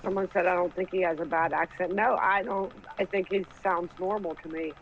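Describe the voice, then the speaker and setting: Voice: mid-range voice, fairly even intonation, a little fast. Dry-voiced co-host, muffled sound. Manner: brief agreeing interjections, dry. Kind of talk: casual chat. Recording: dull, slightly muffled with faint noise.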